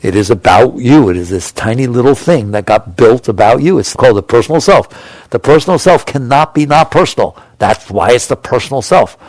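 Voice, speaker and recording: A man's voice: mid-range voice, animated, a little fast, a little mellow, dry recording. A man speaking as a spiritual teacher to a live audience, conversational and emphatic, asking rhetorical questions and repeating points for stress.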